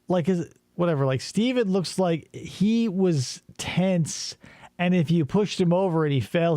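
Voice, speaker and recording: A young man with a high, bouncy voice that swings all over the place. He talks in loose, rambling bursts and swears freely while co-hosting a casual chat. His voice sounds dry and close to the mic. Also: dry recording. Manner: animated, rambling, profane. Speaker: podcast co-host. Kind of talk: casual chat reacting to interrogation footage.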